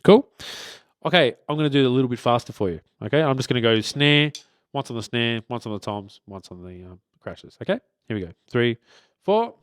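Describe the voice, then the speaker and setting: Man, drum teacher, relaxed, filler-heavy, mid pitch, dry close sound. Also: fast talker, smooth, no echo. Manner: relaxed, many fillers and restarts, checks in with "okay?". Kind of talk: casual spoken lesson. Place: drum studio beside a drum kit.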